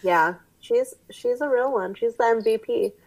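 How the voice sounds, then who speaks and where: A woman's voice: fairly high pitch, moderate pace, darkish tone, recorded from a distance, low-quality recording. A woman co-hosting a podcast, chatting casually about a film with lots of "like"s and acted-out movie lines. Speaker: podcast co-host.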